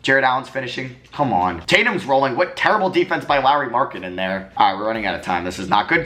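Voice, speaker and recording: A young man giving live commentary while playing a basketball video game, swinging from muttering to excited yelling. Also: medium pitch, fast, few pauses. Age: young adult. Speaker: gaming commentator.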